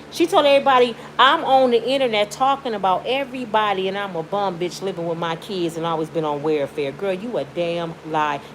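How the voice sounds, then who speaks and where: A woman's voice: fairly high pitch, a little hiss or hum, poor audio. A middle-aged woman from Michigan, a YouTuber, venting in an outspoken, pleading personal vlog from her bed at home. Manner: outspoken, pleading, swings from indignant to tearful. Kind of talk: emotional personal vlog rant.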